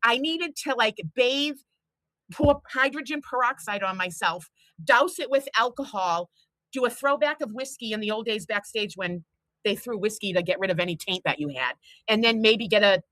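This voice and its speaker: A woman's voice: fairly high pitch, expressive, moderate pace, a bit bright, no echo, poor audio. A woman, chatting bluntly and telling stories as a show host. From Boston. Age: 50s. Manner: chatty storyteller, blunt and profane. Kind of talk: casual chat on a livestream.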